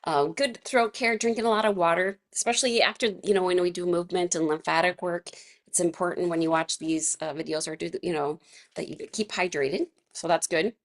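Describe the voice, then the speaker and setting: A woman teaches a casual wellness class, her fairly low voice moving fairly quickly with fairly even intonation. She's chatty, laughs often, and uses lots of fillers and restarts as she guides the class.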